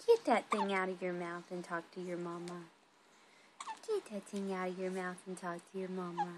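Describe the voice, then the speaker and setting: A woman's voice: fairly low pitch, flat delivery, moderate pace, noisy background. A mother cooing in sing-song baby talk to her infant son, recorded on a phone at home. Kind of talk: talking to a baby.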